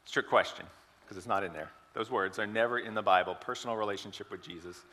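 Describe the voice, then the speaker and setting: A man's voice: on the low side, fast talker, sharp tone, in a large hall. A man giving a sermon, telling an illustrative story and asking the congregation questions. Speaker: preacher.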